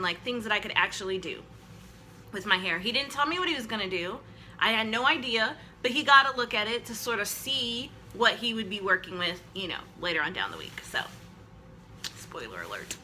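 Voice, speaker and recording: A woman's voice: mid-range voice, bright, forceful tone, a little hiss or hum, low-quality recording. A woman vlogger telling a long personal story to her camera in a casual, rambling way, full of "like" fillers and self-deprecating jokes. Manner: chatty and rambling, with frequent "like" fillers. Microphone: camera she films herself with.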